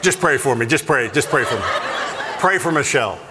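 A man preaching a sermon, telling funny stories in an animated, self-deprecating way. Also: medium pitch, a little fast, big-room sound, background noise. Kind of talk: humorous sermon storytelling.

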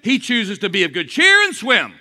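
A man preaching an energetic sermon, joking with the crowd and swinging between low asides and shouted exclamations. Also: normal speed. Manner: jokey, asks the crowd for responses.

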